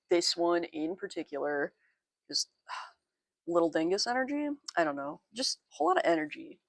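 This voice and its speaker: A young woman with a low, gravelly voice talks through her sketchbook in a loose, chatty way. She pokes fun at herself and giggles between remarks. The sound is close and dry. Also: no room sound. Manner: chatty, self-deprecating, giggly asides. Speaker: artist showing her sketchbook. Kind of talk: casual sketchbook tour.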